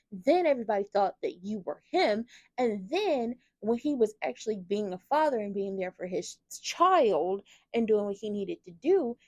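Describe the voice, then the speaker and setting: A woman's voice: medium pitch, dry recording. Sassy woman recapping soap drama. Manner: animated, sassy, talks straight to viewers. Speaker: soap opera recap host. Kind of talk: casual commentary recap.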